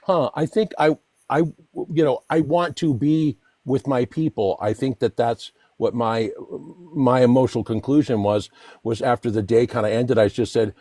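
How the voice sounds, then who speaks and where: A man on a livestream, rambling through a story with plenty of restarts and laughs as he talks. His voice sits at a middle pitch and the recording is close and dry. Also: steady tone, normal speed, warm tone, no room sound. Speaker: guest. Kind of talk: casual storytelling.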